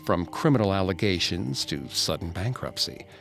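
Male storyteller, deep-ish voice, scripted ghost story read with dramatic hushes. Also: expressive, moderate pace, gravelly, soft background music. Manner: dramatic, hushed at tense moments. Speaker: narrator.

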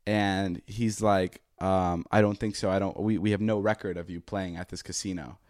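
Profane, animated young man telling a story. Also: low-pitched, moderate pace, no echo, studio quality. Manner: profane, animated, acts out quoted dialogue. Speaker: podcast host. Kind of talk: casual storytelling chat.

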